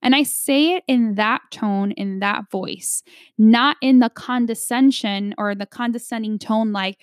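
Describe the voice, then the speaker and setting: Woman, negotiation coach, emphatic instructional talk, higher-pitched voice, dry close sound. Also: a little slow, dry recording. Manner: emphatic, coaching, frequent "right?" tags.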